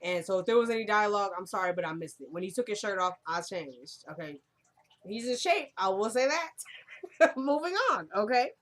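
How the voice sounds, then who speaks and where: A chatty woman recapping a drama episode in a loose, rambling way, full of "like" and "you know." Her pitch sits in the middle for a woman, and she keeps slipping into little quoted bits of the characters as she goes. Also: expressive, fairly quick. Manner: chatty, many fillers, acts out characters' lines in quotes. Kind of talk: casual TV recap retelling scenes.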